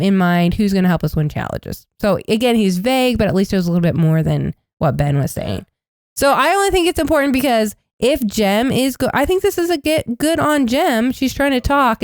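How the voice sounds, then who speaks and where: Woman co-host, casual chat, smooth voice, acts out quotes, dry recording. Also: medium pitch, dry recording. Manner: animated storytelling, acts out quotes. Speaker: podcast co-host.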